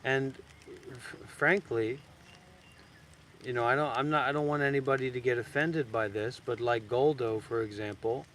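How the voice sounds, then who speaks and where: A man giving a meditation talk as a teacher, blunt and teasing, swinging from soft and slow to sudden loud bursts. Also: mid-range voice, fairly even intonation, a little hiss or hum. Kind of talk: dharma talk. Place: outdoors in a graveyard.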